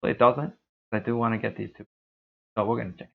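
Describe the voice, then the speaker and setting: A young man streaming a game, talking through his play in a laid-back, rambling way with a deep, dark voice. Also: steady tone, fast, vocal fry. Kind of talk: casual gameplay commentary. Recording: tinny lo-fi stream mic.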